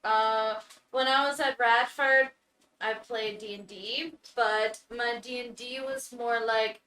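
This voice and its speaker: A woman's voice: on the high side, steady tone, slow, bright, forceful tone. A woman player chatting casually in a rambling, self-mocking way about the game. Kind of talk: casual chat. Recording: roomy, distant mic.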